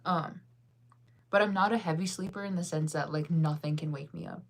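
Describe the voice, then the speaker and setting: A low-voiced woman in her thirties talks briskly while reading live chat on her vlog. Despite the pace, she's tired and yawns, rambling casually with heavy use of "like."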